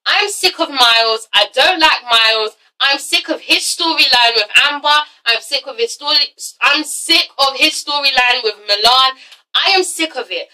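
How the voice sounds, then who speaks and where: A woman hosting a blunt, animated casual vlog review, swearing freely. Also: high-pitched, moderate pace, recorded from a distance, rough recording. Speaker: vlog host reviewing a reality TV show.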